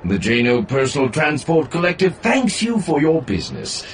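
A man's voice: fairly high pitch, huge pitch swings, normal speed, recorded from a distance, slight background noise, voice pushed up. A man reading an audiobook voices a fawning, chatty male flying-taxi machine with overly polite sales patter. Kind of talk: audiobook narration.

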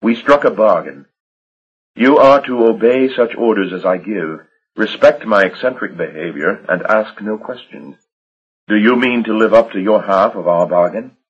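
A man voicing a pale, formal, coldly menacing gentleman who speaks in clipped, controlled commands. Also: on the low side, normal speed, husky, dull audio, pitched above the performer's own voice. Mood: stern formal.

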